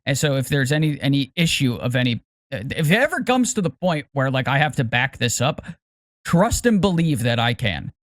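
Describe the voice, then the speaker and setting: A man's voice: mid-range voice, big pitch swings, fairly quick, fairly bright tone, dry recording, studio quality. A middle-aged man co-hosting a podcast, speaking carefully and hesitantly, often repeating words as he picks them. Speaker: podcast co-host. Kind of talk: casual podcast chat.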